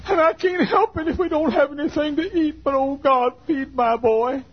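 A man voicing a poor mother who cries as she prays desperately for her son. The prayer comes in a high, pleading voice. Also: normal speed. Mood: tearful pleading. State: crying. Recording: dull lo-fi sermon recording.

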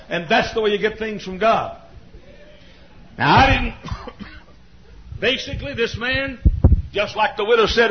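A man preaching a sermon, repeating his phrases, swinging from shouts down to a low murmur, and often coughing and clearing his throat. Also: measured pace, long pauses. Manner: repetitive, builds to shouting, then drops to a low murmur. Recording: dull lo-fi recording with faint hiss.

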